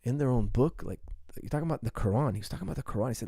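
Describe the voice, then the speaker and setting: A man's voice: medium pitch, very fast, dark tone, breathy edge, dry recording, clean studio sound. A rambling, emphatic male coach. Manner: rambling and emphatic, with frequent restarts and asides. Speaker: martial arts coach answering viewer questions. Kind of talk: casual ask-me-anything chat.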